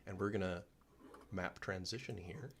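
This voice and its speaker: Low-voiced man running a tabletop game. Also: normal speed, a bit bright, slight background noise. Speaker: game master.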